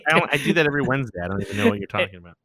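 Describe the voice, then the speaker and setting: Male podcast co-host, bright tone, laid-back replies, dry close mic. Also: medium pitch, rapid-fire, dry recording. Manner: relaxed listener who chimes in with short replies. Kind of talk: casual movie chat.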